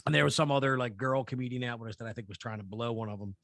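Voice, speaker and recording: A man on a podcast, spinning a loose story in casual chat. He rambles, restarts sentences and swears freely, in a voice of ordinary pitch. The sound is dry and close, with no room around it. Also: rapid-fire, vocal fry, fairly bright tone, dry recording. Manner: rambling, profane, many fillers and restarts. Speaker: podcast co-host.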